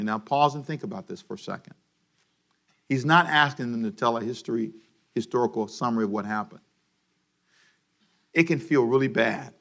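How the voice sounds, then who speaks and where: A man preaching a sermon for a daily radio program, animated, and having his congregation repeat lines after him. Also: mid-range voice. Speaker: pastor.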